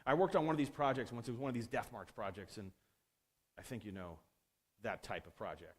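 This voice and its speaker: A man giving a conference talk, telling a work story in a casual, animated way and acting out the quoted lines. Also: lowish voice, brisk, breathy edge. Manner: animated, acts out quotes with a swinging voice. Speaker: conference speaker.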